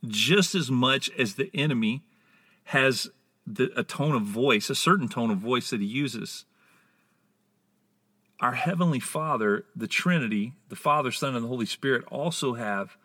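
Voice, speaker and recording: Slow, bright-voiced male preacher. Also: mid-range voice. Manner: deliberate, emphatic, drawn-out words for stress. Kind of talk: spoken sermon teaching.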